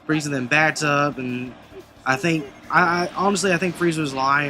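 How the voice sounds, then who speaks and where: A man's voice: fairly high pitch, bright, forceful tone. A man casually recapping anime episodes in a rambling way, full of fillers and restarts. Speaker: anime reviewer.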